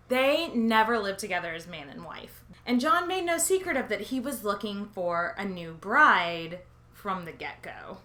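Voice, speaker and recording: A woman's voice: mid-range voice, very animated, normal speed, sharp tone. A woman hosting a history podcast, telling a comedic scripted monologue with sarcastic asides, swearing and silly quoted voices. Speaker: podcast host.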